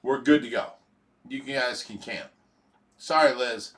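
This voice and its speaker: A man from the United States reading viewer comments on a casual livestream, laughing easily and halting with many fillers. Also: mid-range voice, a bit bright. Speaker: livestream co-host reading the chat. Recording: voice a bit distant from the mic.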